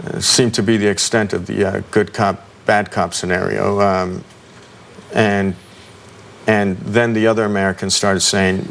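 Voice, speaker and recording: A middle-aged man, a guest in an interview, recounting an ordeal in a halting way with many ums and restarts. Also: lowish voice, level tone, creaky, fairly bright tone, slight background noise.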